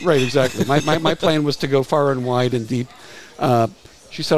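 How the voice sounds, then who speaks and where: A man's voice: mid-range voice, poor audio. A man in his sixties, a retired music publicist, telling anecdotes as a guest in a casual interview and often stumbling over repeated words. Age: 60s. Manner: halting, restarts phrases with frequent repeated words.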